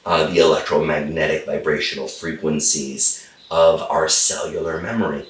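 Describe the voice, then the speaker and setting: A man's voice: a bass voice, fairly even intonation, moderate pace, a bit bright, roomy sound, far from the mic. A middle-aged man, a holistic chiropractor and guest, telling a story with enthusiasm and repeating phrases for emphasis. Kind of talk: animated storytelling in a conversation.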